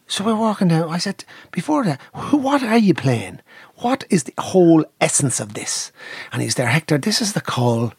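Animated Irish man, husky voice. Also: a little high, moderate pace, dry recording, clean studio sound. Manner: lively storyteller, mimics drum sounds, swears casually. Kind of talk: animated anecdote telling.

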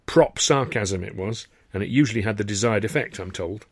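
A man's voice: lowish voice, brisk, slightly rough, no room sound. A man reading his own story aloud as author and narrator, in a wry, conversational storytelling manner. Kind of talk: scripted audiobook narration.

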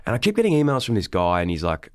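Deep-voiced Australian podcast host. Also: male voice, wildly swooping pitch, very fast, clear, resonant tone, no echo, clean studio sound. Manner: rambling, swears freely, trails off and restarts. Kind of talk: casual podcast chat.

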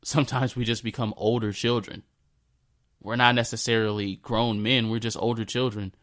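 In this unscripted personal story, a man in his thirties keeps a level tone, his voice deep, smooth, and clear. He keeps stopping to restart or repeat himself, occasionally trailing off into a soft, low voice.

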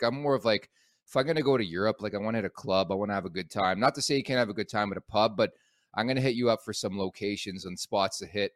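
A man hosts a sports show and teases his guest in a playful, chatty way. His voice sits a little low. The recording is dry and close to the mic. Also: fairly bright tone, dry recording. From Canada. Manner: playful, teasing interviewer. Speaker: sports podcast host. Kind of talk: casual chat.

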